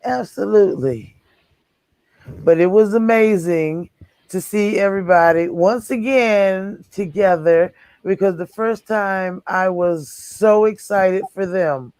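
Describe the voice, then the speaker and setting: Man, high voice, chatty, laughs easily, dry sound. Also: slow pace, a little mellow, clear, resonant tone, no room sound. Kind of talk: casual group chat.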